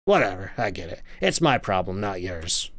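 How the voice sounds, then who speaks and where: A man voicing a gruff, fed-up middle-aged male foreman who swears and complains loudly in a game. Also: low-pitched, big pitch swings, moderate pace, full character voice. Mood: irritated.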